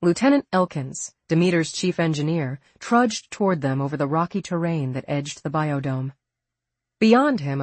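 Husky, steady audiobook narrator. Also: mid-range voice, no echo. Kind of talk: scripted narration.

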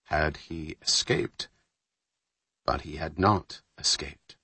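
A man reading a thriller audiobook aloud in a measured, steady narration, lightly voicing the dialogue. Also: very deep voice, husky, no echo.

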